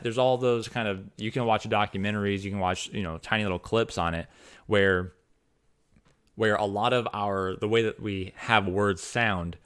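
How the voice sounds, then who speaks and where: Rambling man, low voice. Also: a bit bright, clear, resonant tone. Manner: rambling, many restarts and fillers. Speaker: fantasy author. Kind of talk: casual opinion monologue.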